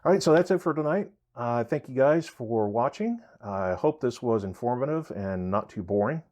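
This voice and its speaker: A man hosting a woodshop channel, explaining pricing in a relaxed, rambling way with many fillers and self-corrections. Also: medium pitch, normal speed. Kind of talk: casual how-to explanation.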